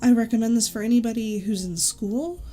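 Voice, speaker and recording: A woman YouTube creator chatting casually and enthusiastically through product recommendations, with quick asides. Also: a little high, mellow, faint music behind.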